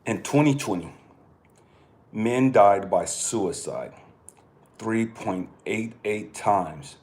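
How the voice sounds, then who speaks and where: A man from California speaking bluntly in a personal monologue, cursing freely and swinging from quiet remarks to impassioned outbursts. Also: on the low side, animated, takes it slowly. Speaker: channel host.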